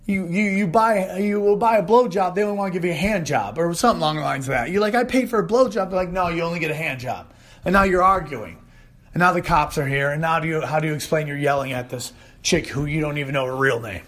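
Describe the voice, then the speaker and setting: Man ranting a comic story, fairly high voice. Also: fast. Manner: animated storytelling, loud put-on yelling in quotes. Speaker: podcast host. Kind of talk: comedic solo rant.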